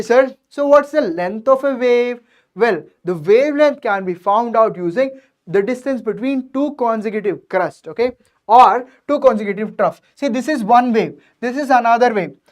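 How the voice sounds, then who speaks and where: A woman teaching a science revision lecture, explaining step by step and checking in with her students after nearly every point. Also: on the high side. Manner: addresses students directly and checks understanding.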